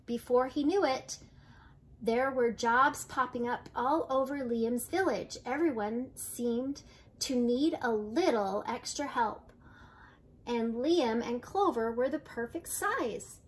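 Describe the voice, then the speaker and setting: An older woman, a grandmother, reading a children's picture book aloud in a gentle storytelling way, with light voices for the characters. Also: fairly high pitch, slow pace.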